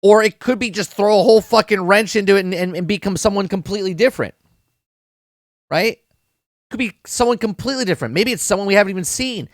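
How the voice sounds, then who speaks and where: A man's voice: high-pitched, quick pace, no echo, clean studio sound. Chatty man rambling through a show review. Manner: rambling, repeats words, addresses chat, swears casually. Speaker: podcast host reviewing a TV episode. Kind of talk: casual live-stream review.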